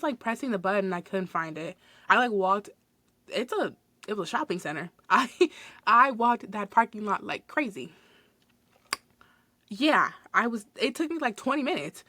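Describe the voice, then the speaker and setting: A young woman hosting a podcast, telling a work story in a casual, animated way, full of fillers and acted-out quotes. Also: medium pitch, no room sound. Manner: animated, swears, many "like" fillers, acts out quotes. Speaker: podcast host.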